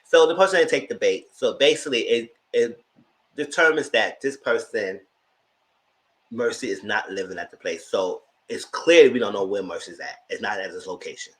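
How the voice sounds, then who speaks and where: In a lowish voice at normal speed, a man casually recaps a reality TV episode as a TV show reviewer. He tells it as an animated story, acting out people's lines, and the recording quality is low.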